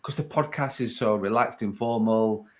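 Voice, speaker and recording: A man with a Sheffield accent hosting a relaxed podcast interview, rambling and restarting his sentences as he chats. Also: lowish voice, normal speed. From Sheffield, England. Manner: rambling, self-interrupting, chatty. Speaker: podcast host.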